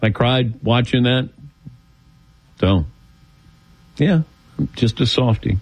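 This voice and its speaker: A man's voice: medium pitch, takes it slowly, no echo. An older man hosting a call-in radio show, telling stories and acting out quotes. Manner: animated storyteller, acts out quotes. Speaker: radio talk show host. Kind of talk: casual call-in radio chat.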